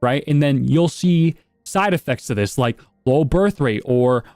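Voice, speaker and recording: A man's voice: mid-range voice, animated, unhurried, darkish tone, no room sound, studio quality, faint music behind. Profane, rambling male streamer. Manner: blunt, profane, rambling asides. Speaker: streamer reacting to videos. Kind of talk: casual reaction commentary.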